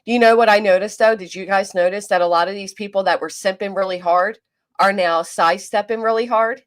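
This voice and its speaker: South jersey lady streaming, swears a lot, talks back to chat, regular pitch for a woman. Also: fairly even intonation, fairly quick. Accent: South Jersey near Philadelphia. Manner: blunt, profane, mocking; reads and answers chat aloud. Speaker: commentary streamer. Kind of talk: casual live-stream commentary.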